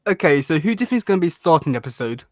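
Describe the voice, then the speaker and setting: A man's voice: a little high, big pitch swings, rapid-fire, darkish tone, no echo, studio quality. A man co-hosting a casual cartoon review chat; he rambles, restarts often and laughs a lot. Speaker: podcast co-host.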